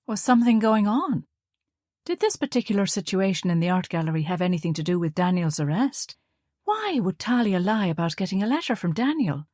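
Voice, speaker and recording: Woman audiobook narrator, low-ish voice, dry close studio sound, measured. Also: darkish tone, no room sound. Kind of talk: scripted narration.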